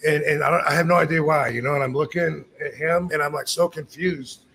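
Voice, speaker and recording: A man's voice: a little high, moderate pace, a bit bright, a little hiss or hum. A man in his fifties, from the United States, casually telling a story as a podcast host, acting out quoted lines and swearing freely.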